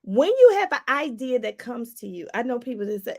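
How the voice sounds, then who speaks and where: A woman with a high, bright voice coaches her viewers in an animated, preachy way. She keeps addressing them as y'all. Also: a little fast, vocal fry, hardly any pauses. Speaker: life coach. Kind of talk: motivational livestream talk.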